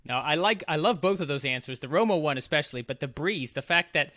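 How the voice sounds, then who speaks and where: A man's voice: a little high, animated, fast, bright, forceful tone, no echo, clean studio sound. A man hosting a casual sports podcast, who argues his picks with enthusiasm and laughs along. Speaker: podcast host.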